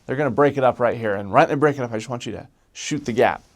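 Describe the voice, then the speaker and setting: A man doing a quick impression of an impatient, impulsive middle-aged mission president giving urgent orders. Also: mid-range voice, close to an everyday voice. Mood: commanding. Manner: barking urgent commands.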